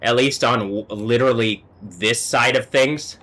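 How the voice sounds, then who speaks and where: Bright-voiced man ranting agitatedly. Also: medium pitch, measured pace. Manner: agitated, profane ranting that swings between muttering and yelling. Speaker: livestreamer. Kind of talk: live-stream monologue.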